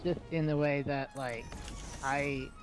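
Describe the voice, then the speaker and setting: A woman's voice: rumbling low, fairly even intonation, slow, over music. A sleep-deprived woman streaming a game, rambling and thinking aloud as she plays. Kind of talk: casual chat while gaming.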